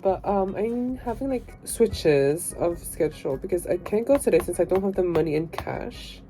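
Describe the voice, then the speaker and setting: A woman's voice: on the low side, expressive, moderate pace, dark tone, rough recording. A young woman vlogging her week in a casual, chatty way, swearing freely and giggling now and then. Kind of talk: casual vlog chat. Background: music.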